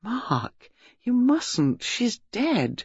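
A man voicing an anxious, apologetic middle-aged woman who speaks softly, in a dull lo-fi recording. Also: very high voice, wildly swooping pitch, very slow, slightly rough, no room sound, voice pushed up, heavily acted. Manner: soft, apologetic.

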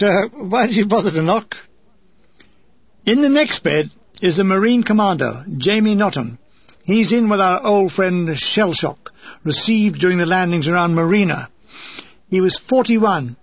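An older man reads his wartime memoir with wry, dry humour. His voice is high and husky. It is recorded close and dry on a dull lo-fi track. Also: dry recording. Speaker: memoir reader. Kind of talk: reading a wartime memoir aloud.

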